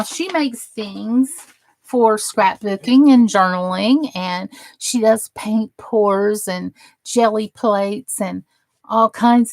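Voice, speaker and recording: A woman's voice: mid-range voice, creaky, no echo. A woman hosting a casual crafting live stream, chatting with viewers and gushing over the crafts she shows. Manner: gushing and admiring, chatty asides.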